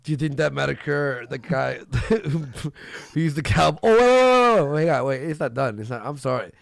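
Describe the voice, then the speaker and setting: A man's voice: medium pitch, moderate pace, creaky, no room sound. A man hosting a livestream in a crude, joking way with frequent laughter. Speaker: livestream host. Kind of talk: casual livestream commentary.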